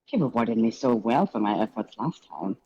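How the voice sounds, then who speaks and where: A woman's voice: very deep voice, animated, normal speed, highs cut off, noisy background. A woman voicing a tall, flamboyant male drag club host with an attempted Irish accent, sultry and teasing. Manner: sultry, teasing, calls people darling.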